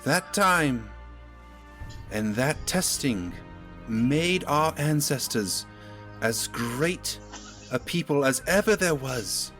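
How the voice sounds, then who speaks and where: A commanding female town leader rallies her people in a tabletop game, as a man puts her on. Her oratory is slow and stately, pitched a bit higher and rising and falling with feeling. Faint music plays underneath. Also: animated, fairly bright tone. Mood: stirring, solemn.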